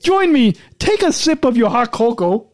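A woman's voice: a little high, sing-song, normal speed, a little mellow, no echo. A woman co-hosting a podcast in casual chat, rambling and tripping over her words. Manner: rambling, stumbling and repeating words. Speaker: podcast co-host.

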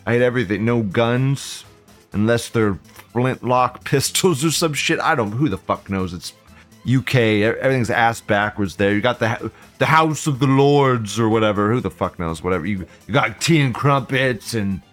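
American male show host, mid-pitched, foul-mouthed and sarcastic, over a faint music bed. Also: normal speed. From United States. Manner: crude, swearing, jokey, sarcastic; jumps between mumbling asides and loud outbursts. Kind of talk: casual commentary reading viewer comments.

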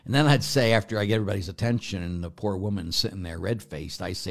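A middle-aged priest with a fairly low voice talks through a point of faith like a chat rather than a formal sermon. He wanders off on tangents and keeps checking in with his listeners through quick rhetorical questions. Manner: rambling, goes off on tangents, asks listeners rhetorical asides. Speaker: Catholic priest. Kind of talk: conversational teaching on faith.

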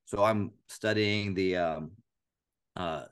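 A man with a very deep voice co-hosting a casual Bible discussion. He speaks in an earnest, animated way and repeats phrases aloud to illustrate his points. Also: slow pace, clean tone. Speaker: podcast co-host.

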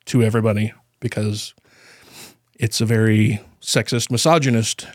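Grieving man, halting podcast storytelling. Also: on the low side, fairly even intonation, no echo, studio quality. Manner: halting, with frequent fillers and nervous laughs. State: grieving, voice near tears. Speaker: podcast co-host. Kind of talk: casual storytelling chat.

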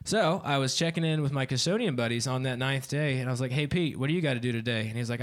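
A man's voice: medium pitch, fast talker, hardly any pauses. A man in his twenties doing a stand-up set on a club stage, often laughing at his own jokes. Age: 20s. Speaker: stand-up comedian.

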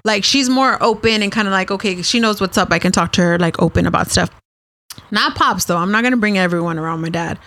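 A woman's voice: medium pitch, quick pace, a bit bright, dry recording, clean studio sound. A woman telling stories as a podcast guest, chatty and swearing freely, laughing often. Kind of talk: casual chat.

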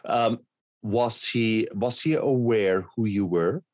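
A man's voice: lowish voice, slow pace, dry recording. A male interview host who reacts with short remarks and reflective questions. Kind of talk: interview conversation.

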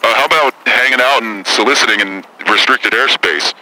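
A man's voice: mid-range voice, a little fast, sharp tone, poor audio. A man doing a crude, hot-tempered celebrity woman caller. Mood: combative. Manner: profane, combative, rambling. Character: brash foul-mouthed celebrity woman caller. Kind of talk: prank call impression.

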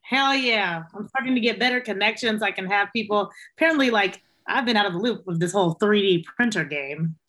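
A woman who works as a cook, a guest chatting casually, telling stories animatedly and jumping far higher in pitch when she quotes people. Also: brisk, hardly any pauses, a bit bright. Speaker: interview guest, restaurant cook. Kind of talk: casual chat.

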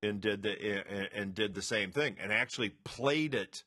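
A man co-hosting a podcast in casual chat, halting and repeating words as he thinks. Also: fairly low pitch, sharp tone, breathy edge. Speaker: podcast co-host.

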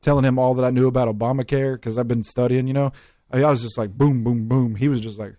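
Male podcast host, animated storyteller, medium pitch, dry close mic. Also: quick pace, no room sound. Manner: animated storyteller, swears freely. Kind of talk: casual chat.

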